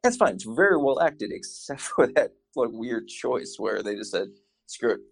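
A man chatting casually, telling animated stories with quoted asides. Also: mid-range voice, moderate pace, vocal fry. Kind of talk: casual chat.

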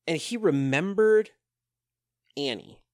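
A man chatting casually as a podcast co-host, halting, with fillers and self-corrections. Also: on the high side, animated, darkish tone, no echo, clean studio sound. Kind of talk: casual chat.

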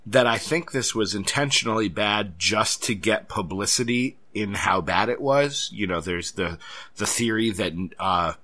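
A tired man co-hosting a podcast, musing in a measured way with frequent restarts. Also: lowish voice, bright, forceful tone. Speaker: podcast co-host. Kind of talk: casual chat.

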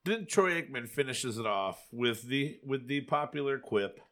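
Guy hosting a podcast, bright voice, loose and sweary. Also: medium pitch, normal speed. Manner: animated, swearing freely. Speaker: podcast host. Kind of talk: casual chat.

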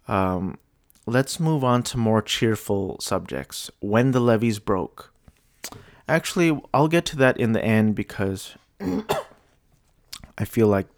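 A young man talking alone on his show, hesitant and apologetic, sounding low and despondent with many restarts. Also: dry recording, clean studio sound. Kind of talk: rambling solo commentary.

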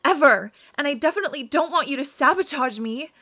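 A woman acting a friend in an audio drama, emotional and accusing. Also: sits high. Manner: emotional, accusing, then flat and slow. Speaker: character Erin.

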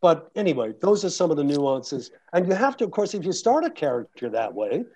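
A man's voice: fairly high pitch, sing-song, fairly quick, a little mellow. A man who narrates audiobooks, talking casually to an audience in a rambling way with many restarts and fillers. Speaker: audiobook narrator and guest speaker.

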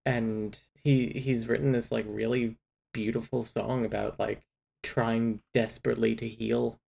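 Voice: mid-range voice, level tone, unhurried, creaky, darkish tone. A podcast co-host recapping a novel in casual, rambling chat full of fillers and restarts. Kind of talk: casual book discussion.

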